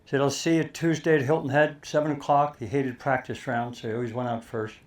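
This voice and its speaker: An older man telling a lively golf story to an audience, acting out the quoted lines. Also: medium pitch, brisk. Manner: animated storyteller, acts out quotes. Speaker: speaker telling a caddie story.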